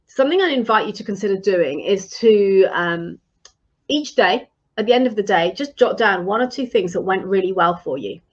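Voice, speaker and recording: A woman's voice: mid-range voice, lively intonation, moderate pace, dull audio. A woman leadership coach giving advice in a live-streamed talk, earnest and encouraging, with frequent ums and restarts.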